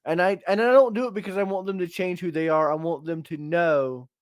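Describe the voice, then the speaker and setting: High-voiced guy ranting on a podcast, blunt and sweary, dry close sound. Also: steady tone, brisk, no room sound. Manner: blunt, ranting, profane, emphatic. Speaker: podcast co-host. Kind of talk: casual opinionated podcast chat.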